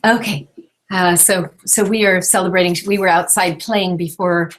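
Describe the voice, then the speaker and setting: A woman teaching a live online class over a call, chatty and gentle as she explains. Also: fairly low pitch, steady tone, normal speed. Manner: gentle, chatty, breaks off to soothe a baby. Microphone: call microphone.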